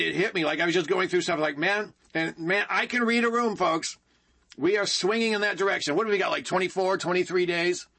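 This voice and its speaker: Hosting a political talk show, a man with a high, bright, forceful and slightly rough voice delivers an opinionated monologue. He's emphatic and repetitive, constantly calling his listeners "folks."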